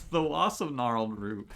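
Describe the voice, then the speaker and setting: A gaming streamer talks himself through choices in a casual, chatty way, breaking into jokey, exasperated outbursts as he plays. His mid-range voice is animated and slow-paced, a bit creaky, with a fairly bright tone. Game music runs behind him.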